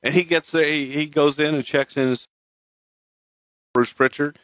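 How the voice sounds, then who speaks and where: A man's voice: fairly high pitch, unhurried, no room sound. A man telling stories casually, with lots of swearing. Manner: profane, animated storytelling. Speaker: guest storyteller. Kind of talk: casual storytelling.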